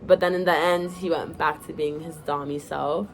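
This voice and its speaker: A woman's voice: deep voice, steady tone, normal speed, rough recording. A young woman casually reading her own story aloud to viewers, breaking off into giggly, chatty asides.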